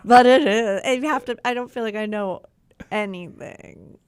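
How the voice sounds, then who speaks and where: A woman's voice: fairly high pitch, normal speed, smooth, no echo. Chatty, laughing female podcast co-host. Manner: chatty, self-deprecating, laughs a lot. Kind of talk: casual banter.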